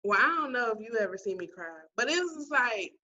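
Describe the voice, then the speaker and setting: A woman's voice: on the high side, fast talker, muffled recording. A woman co-hosting a podcast in casual chat over a video call, telling stories animatedly and acting out what people said. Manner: animated storytelling, acting out quoted voices. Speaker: podcast co-host. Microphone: remote video call.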